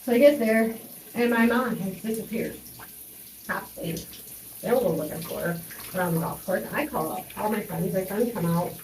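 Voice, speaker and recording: A woman's voice: mid-range voice, moderate pace, a little mellow, recorded from a distance, slight background noise. A young woman telling a personal story in a rambling way, with many fillers and restarts. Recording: echoey room, voice off-mic, faint running water.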